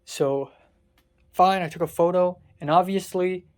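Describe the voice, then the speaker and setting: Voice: medium pitch, unhurried. A young adult from Hong Kong telling a personal story in a casual monologue, venting in an exasperated way and swearing often. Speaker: vlogger.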